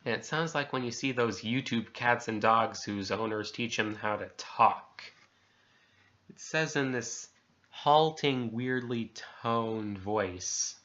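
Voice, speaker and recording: Bright-voiced man reading a creepy story. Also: mid-range voice, slow pace, lo-fi sound. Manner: conversational, self-censoring swears with letters. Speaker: narrator reading a horror story.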